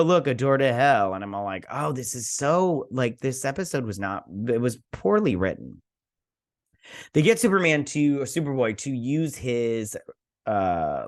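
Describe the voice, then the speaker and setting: A young man casually recapping and reviewing a TV episode, rambling with many fillers and restarts. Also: on the low side. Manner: rambling with many fillers and restarts, paraphrasing characters in a flat aside. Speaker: TV review host.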